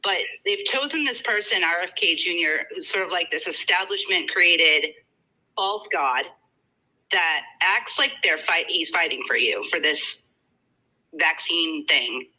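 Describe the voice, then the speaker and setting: Very bright-voiced hesitant man. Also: on the high side, a little slow, low-quality recording. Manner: hesitant, filler-heavy, indignant. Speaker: guest caller. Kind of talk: casual chat.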